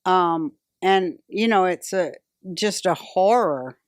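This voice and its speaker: A woman's voice: lowish voice, animated, takes it slowly, no room sound, studio quality. A woman hosting a podcast in casual chat, blunt and profane with strong opinions. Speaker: podcast host.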